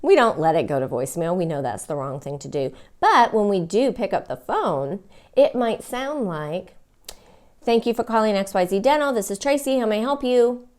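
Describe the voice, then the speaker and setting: A woman coaching front desk staff in an instructional talk. Her voice sits at a middle pitch but swings widely up and down, giving it a lively, expressive sound. She acts out example phone greetings as she teaches. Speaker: dental front office trainer.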